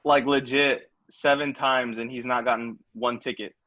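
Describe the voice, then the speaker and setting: Bright young man, slightly muffled. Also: medium pitch, flat delivery, normal speed, no echo. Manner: loose, chatty storytelling. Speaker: podcast co-host. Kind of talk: casual storytelling chat.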